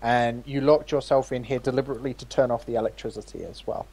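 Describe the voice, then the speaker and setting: A man narrating as game master of a tabletop role-playing game, halting and restarting as he describes the scene. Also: medium pitch, steady tone, a little mellow. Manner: halting, with many fillers and restarts.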